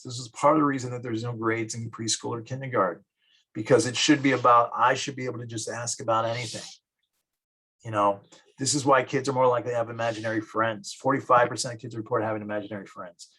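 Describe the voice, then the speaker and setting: Guy lecturing psych class, kinda husky, animated, middle-aged. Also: medium pitch, poor audio. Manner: lively, acts out children and parents in quick asides. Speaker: psychology teacher.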